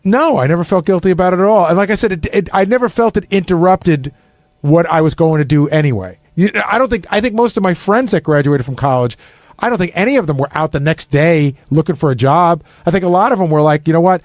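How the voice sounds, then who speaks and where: A male radio host with a slightly high voice who talks quickly and teases his guests. His voice is dry and close to the mic, and he states his opinions with confidence. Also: lively intonation, no echo. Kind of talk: casual radio talk. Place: radio studio.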